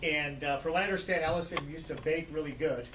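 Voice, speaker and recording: Guy from southern california at a press conference, kinda high voice, talking steady with lots of ums, sounds far off in an echoey room. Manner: measured, with fillers. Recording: echoey, far from mic, faint ambient noise.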